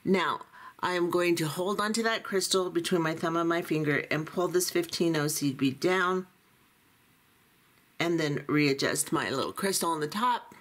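A woman teaching a beading tutorial, calmly talking through each step as she works. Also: on the low side, normal speed. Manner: calm, methodical, talks through each step. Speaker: beading instructor.

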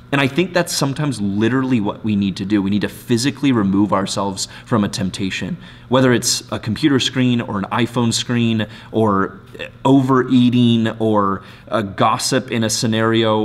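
A man, a pastor, giving a short devotional sermon in an earnest, conversational way, often restarting phrases and checking in with "right?". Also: lowish voice.

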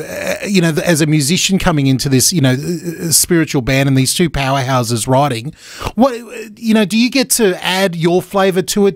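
A man's voice: fairly high pitch, dry recording, studio quality. Joking Australian man hosting radio. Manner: energetic, joking, stumbling restarts. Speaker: radio host. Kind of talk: casual radio chat. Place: radio studio.

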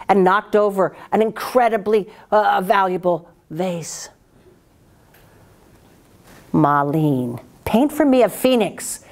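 With a mid-range voice, a female storyteller performs a folktale dramatically and expressively, adding sound effects with her own voice.

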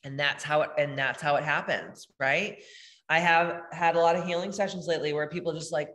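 A woman's voice: low-pitched, fairly even intonation, brisk, fairly bright tone, long reverb tail. A woman spiritual healer hosting a live meditation, talking casually and bluntly with lots of swearing as she reads chat comments. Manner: blunt, profane, emphatic.

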